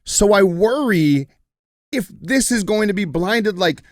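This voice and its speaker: A man's voice: high voice, lively intonation, unhurried. Blunt man talking on a podcast. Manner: candid, blunt, with frequent profanity and restarts. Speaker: podcast host. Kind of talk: casual podcast conversation.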